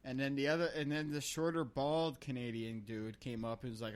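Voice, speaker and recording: A man's voice: medium pitch, little pitch movement, a little fast, hardly any pauses, clear, resonant tone. A young man tells a long, loose story to his friends on a podcast. He swears freely and laughs along with his own tale, in an easygoing, chatty way. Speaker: podcast host. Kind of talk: casual storytelling.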